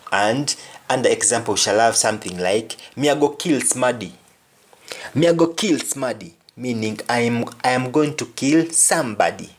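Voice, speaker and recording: A man gives a language lesson at an unhurried pace, his pitch sitting in a middle range. He repeats every phrase and restates it in several ways so the learner can follow. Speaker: language teacher. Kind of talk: explanatory lesson.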